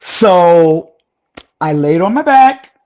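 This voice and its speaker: A woman guest in a casual chat, telling a personal story in an animated, rambling way with frequent exclamations. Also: on the low side, very slow, lo-fi sound.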